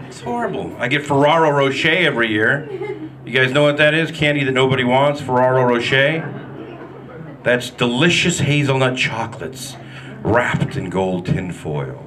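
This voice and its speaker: A man's voice: fairly high pitch, fairly quick, crowd noise. A man doing a live stand-up set at a comedy club, with a wry, self-deprecating, punchy delivery into a handheld mic.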